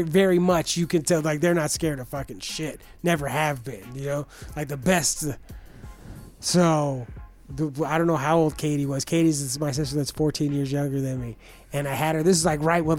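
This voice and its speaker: A man's voice: a little high, steady tone, normal speed, soft background music. A young man telling rambling, profane stories in casual chat, full of restarts and fillers. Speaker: podcast guest telling stories.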